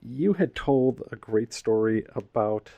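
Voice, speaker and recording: A man hosting a podcast, prompting his guest with questions and quick asides. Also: medium pitch, lively intonation, vocal fry, mellow. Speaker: podcast host. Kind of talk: casual chat.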